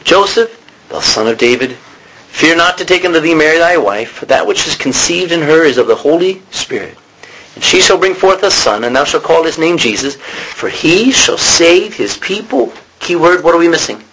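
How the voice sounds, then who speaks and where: A man teaching a sermon in a conversational way, often pausing to correct himself and clear his throat. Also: a little high, animated, fairly bright tone, slight background noise, low-quality recording. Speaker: preacher.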